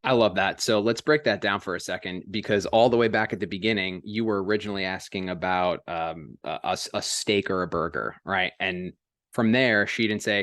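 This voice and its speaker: A man with a low voice hosts a sales interview and asks probing follow-up questions. His voice is dry and close to the mic. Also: normal speed, fairly bright tone, no echo. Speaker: interview host. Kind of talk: interviewer breaking down a story.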